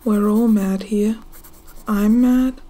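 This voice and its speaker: A woman reading the lines of a sly, grinning male cat in a storybook, softly and half-whispered. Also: mid-range voice, steady tone, close to an everyday voice. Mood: teasing. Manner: soft, slow, half-whispered.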